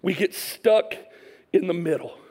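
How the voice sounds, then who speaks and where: A male preacher with a high, light voice tells a story from the pulpit. He swings between hushed, slowed lines and sudden loud bursts, putting on little voices and laughing along. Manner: animated storytelling, acts out voices, laughs often. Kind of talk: sermon.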